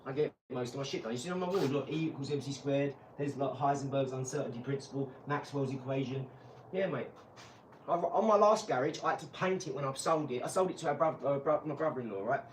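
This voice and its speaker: A man, hosting a casual live stream and telling lively, laughing stories with some swearing, from an empty garage. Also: medium pitch, fast. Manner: animated storyteller, laughs, swears. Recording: roomy, distant mic, faint noise.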